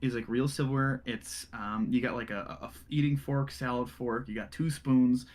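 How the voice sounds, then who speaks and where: A man's voice: medium pitch, fairly even intonation, moderate pace. A man narrating a tabletop game as game master, loose and full of fillers. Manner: loose, rambling, with many fillers.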